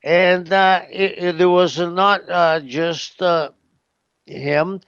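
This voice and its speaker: Slow gravelly-voiced man rambling. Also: high-pitched, steady tone, fairly bright tone, no room sound, lo-fi sound. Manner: rambling, hesitant, full of "you know what I mean". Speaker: interview guest. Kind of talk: casual shoot interview.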